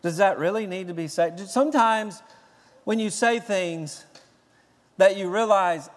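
A man preaching a sermon as a pastor, animated, swinging between quiet low passages and loud, raised bursts. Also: unhurried. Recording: long reverb of a large hall.

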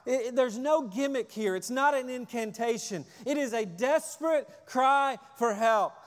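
High-voiced emphatic preacher man. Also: moderate pace, long reverb tail. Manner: emphatic, repeats key phrases for stress. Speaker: pastor. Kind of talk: sermon.

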